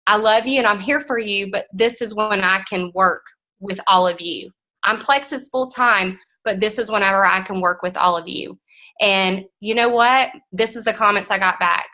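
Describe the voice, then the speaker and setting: A woman, giving a frank, animated motivational talk to her team as guest speaker. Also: medium pitch, moderate pace, rough recording.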